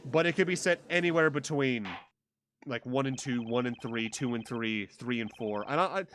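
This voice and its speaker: A man's voice: medium pitch, moderate pace, fairly bright tone, slight background noise. A young adult man giving casual, rambling, wry commentary while playing a game. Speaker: let's play streamer.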